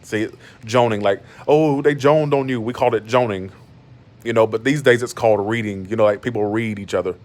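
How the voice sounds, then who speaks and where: A blunt YouTuber from Georgia, USA, talks fairly quickly in a low-ish voice from his bed at home. His casual live-stream monologue is animated and defensive, full of restarts.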